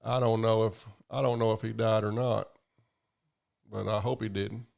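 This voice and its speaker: Reading out viewer comments, the livestream host rambles in a profane, drawling, casual way. He speaks at a moderate pace in a lowish, flat voice with vocal fry and a darkish tone.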